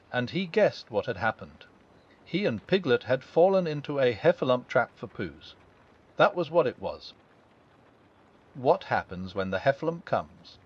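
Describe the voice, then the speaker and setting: A man narrating a children's classic as a calm bedtime audiobook, gentle and expressive. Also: fairly high pitch. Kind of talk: calm bedtime storybook reading. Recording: dull lo-fi.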